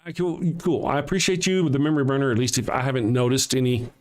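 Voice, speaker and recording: Older man, Southern US accent, livestream host, reads chat aloud, blunt, swears, chuckles a lot, mid-pitched voice. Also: quick pace. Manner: blunt, profane, chuckles often. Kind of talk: casual livestream chat, reading viewer comments.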